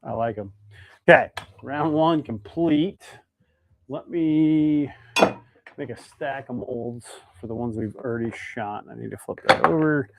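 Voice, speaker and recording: A man's voice: medium pitch, a little slow, creaky, narrow, tinny audio, a little hiss or hum. A man hosting a casual live stream while making fishing baits, chatting and reading viewer comments aloud. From Idaho, United States.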